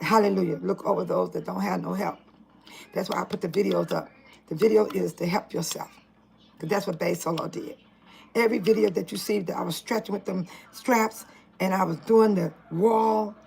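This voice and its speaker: A woman's voice: lowish voice, gravelly, poor audio. An older woman from Illinois talking earnestly at home in a casual vlog, preaching with emphatic repetition. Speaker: vlogger.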